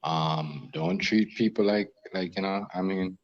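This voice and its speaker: A man chatting offhand about his business, halting and loose. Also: deep voice, muffled recording. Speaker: business partner. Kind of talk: casual chat.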